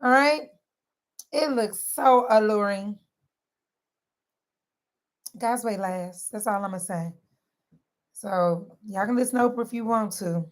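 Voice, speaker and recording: A woman talking straight to her viewers in a lively, sermon-like way, mixing casual slang and laughter into faith-based wellness advice. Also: mid-range voice, slow, long pauses. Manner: animated, sermon-like, southern-inflected slang with frequent laughs. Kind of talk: lively preachy direct-to-camera talk.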